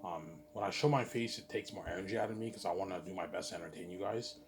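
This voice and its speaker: A man with a low voice tells a long, rambling story, repeating himself, restarting lines and swearing as he goes. He sounds tired. A faint hiss of noise sits behind him. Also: fast. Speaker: vlogger. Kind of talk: casual storytelling monologue.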